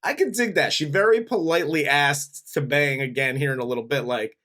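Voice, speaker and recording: A man's voice: on the high side, fairly quick, pushed and bright, faint music behind. A man co-hosting a casual movie review, laid-back, recapping the plot and laughing easily. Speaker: film review podcast co-host.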